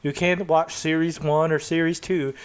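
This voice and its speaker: Young man, casual chat, podcast co-host, slightly high voice, profane banter. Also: flat delivery, moderate pace, clean tone. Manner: swears freely, riffs on jokes.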